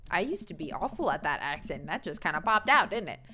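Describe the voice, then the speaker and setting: Bright-voiced woman reading a game aloud. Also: on the low side, very animated, brisk, slight background noise. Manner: giggly, self-mocking asides. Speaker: let's-play streamer.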